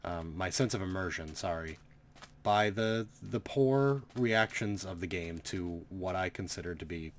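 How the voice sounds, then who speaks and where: A man's voice: low-pitched, measured pace, a little hiss or hum. A man giving casual, rambling gameplay commentary, sarcastic and swearing freely. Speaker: gaming commentator.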